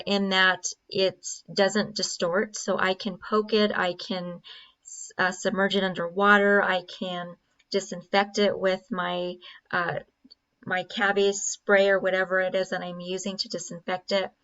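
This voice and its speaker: A woman's voice: medium pitch, level tone, a little slow, pushed and bright, highs cut off. A woman narrating a dental procedure video as an instructor, explaining steps with frequent fillers.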